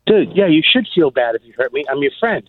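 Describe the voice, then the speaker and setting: A man's voice: a little high, very animated, a little fast, phone-quality sound. A man calling in as a comedian guest, boasting and joking in trash talk. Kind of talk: casual call-in banter.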